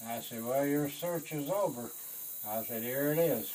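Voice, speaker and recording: A man, a Vietnam veteran, telling a war story in an animated way, swearing and acting out the voices of others. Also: medium pitch, unhurried, a little hiss or hum, rough recording. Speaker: Vietnam veteran recounting service.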